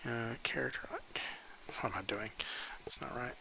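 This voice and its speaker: A man's voice: mid-range voice, normal speed, vocal fry, a little hiss or hum, rough recording. A man giving casual spoken feedback on pose drawings while sketching, hesitant and full of fillers. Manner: relaxed, hesitant, many ums and likes.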